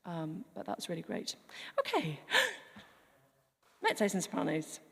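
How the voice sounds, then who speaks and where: A woman's voice: on the low side, huge pitch swings, slow, creaky, breathy edge. A woman leading a choir rehearsal in a large church, chatty, encouraging and self-deprecating. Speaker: choir director. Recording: long church reverb, faint music.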